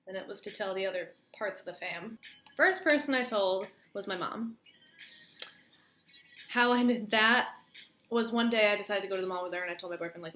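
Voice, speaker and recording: A young adult woman vlogger with a medium-pitched, fairly bright voice speaks briskly but with long pauses. She tells a personal story in a casual, chatty storytime style, full of "like" fillers, recorded with roomy echo and faint room noise.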